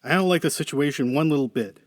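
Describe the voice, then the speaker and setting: A man's voice: fairly high pitch, fast, no room sound, clean studio sound, close to an everyday voice. A man reading the part of an anxious, chatty male computer engineer who talks with urgency. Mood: worried.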